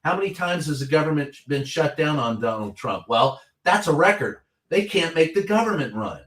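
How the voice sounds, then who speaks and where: A Kentucky-born veteran of the White House press corps, here as a guest, delivers passionate, blunt political commentary laced with swearing and stories. His pitch is fairly high and his tone fairly bright, and he's very animated at a normal speed. The room is reverberant.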